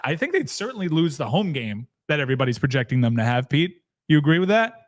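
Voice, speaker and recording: Passionate higher-pitched male sports host. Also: very animated, quick pace. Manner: passionate, argumentative. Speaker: podcast co-host. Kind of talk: animated sports talk.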